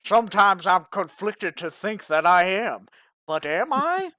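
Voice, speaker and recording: A quick, sarcastic co-host laughing through casual podcast chat. The pitch jumps around a lot. The sound is close and dry. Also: big pitch swings, pushed and bright, no echo.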